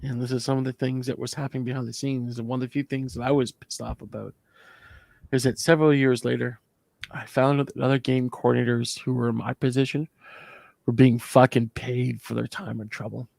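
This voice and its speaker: A man's voice: mid-range voice, level tone, brisk, gravelly, darkish tone, no echo. A man, a former convention staffer co-hosting a podcast, telling a long profane story in an emotional, rambling way. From Canada. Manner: profane, emotional, rambling retelling with acted quotes. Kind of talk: casual storytelling chat.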